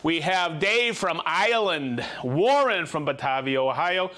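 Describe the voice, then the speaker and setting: A man hosting a live show, reading out viewer names in a playful, energetic way. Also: a little high, measured pace. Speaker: show host. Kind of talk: live show shout-outs.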